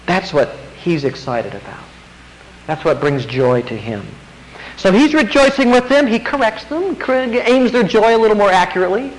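A man preaching a sermon, animated, acting out quotes and asking the congregation questions. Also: high voice, normal speed, slight background noise, low-quality recording.

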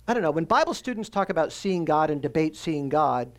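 A man preaching a sermon, his voice sitting a little high with a rough, gravelly edge. He teaches earnestly and slows down to lean on the phrases he wants to land. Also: sing-song. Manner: earnest teaching with slow emphatic stresses. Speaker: pastor.

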